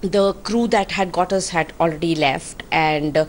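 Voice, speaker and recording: A woman with an Indian accent tells her account in an earnest, indignant tone, politely addressing her interviewer. Her voice sits a little low, and a faint hum of background noise runs under it. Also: moderate pace. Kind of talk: recounting an incident on air.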